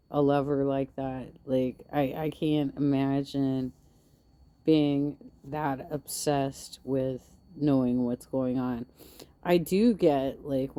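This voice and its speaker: A woman with a low, mellow voice hosts a casual livestream. She talks slowly and bluntly, with a sarcastic edge and plenty of swearing. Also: no room sound. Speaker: livestream host. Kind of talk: casual drama commentary.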